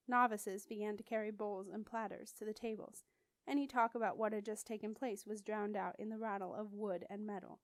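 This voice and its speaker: A woman narrating a novel as an audiobook, measured and clear. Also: medium pitch, steady tone, dry recording. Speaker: audiobook reader.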